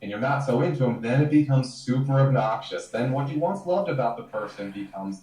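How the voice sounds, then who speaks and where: A man's voice: medium pitch, lively intonation, fairly quick, a little mellow, roomy sound, distant mic, rough recording. A man talking in a casual podcast chat with sardonic, articulate wit.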